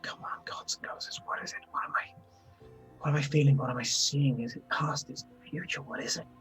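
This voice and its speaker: A man's voice: mid-range voice, fairly even intonation, quick pace, faint music behind, lightly acted. A man voicing a fiercely intelligent young seer girl in a tabletop game, panicked and repeating herself. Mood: whispery searching.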